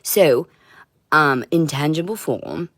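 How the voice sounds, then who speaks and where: Very low-voiced woman ranting on a stream. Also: animated, slow pace, no echo, studio quality. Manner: intense, profane, swings between shouting and muttering. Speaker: livestreamer. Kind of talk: rambling livestream monologue.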